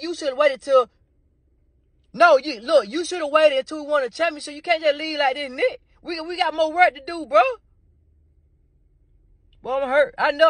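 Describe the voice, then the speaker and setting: High-voiced stammering man ranting. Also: a bit bright, no echo. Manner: stammering repeats, heavy cursing, pleading. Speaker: comedian doing a ranting phone call. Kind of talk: comic rant.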